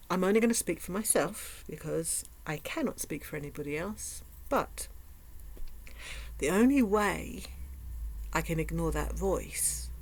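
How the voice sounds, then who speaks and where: A woman talking in a sarcastic vlog commentary, with dry asides and dips into mock whispers. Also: lowish voice. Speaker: vlogger.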